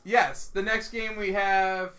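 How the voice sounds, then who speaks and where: Casting: man, high bright voice, casual co-host, teasing, laughs a lot. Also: little pitch movement, slow. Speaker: podcast co-host. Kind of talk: casual chat.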